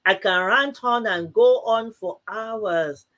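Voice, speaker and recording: A woman co-hosting a live church talk show, telling a personal story with plenty of energy. She laughs easily and voices both sides of each exchange she recounts. Her voice sits at a middling pitch. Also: takes it slowly, a bit bright. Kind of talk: casual conversational storytelling.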